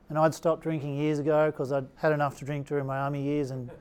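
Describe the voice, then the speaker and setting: A man's voice: a little high, quick pace, clear, resonant tone. Australian man telling his story. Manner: relaxed anecdotal storytelling with acted quotes. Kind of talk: storytelling talk.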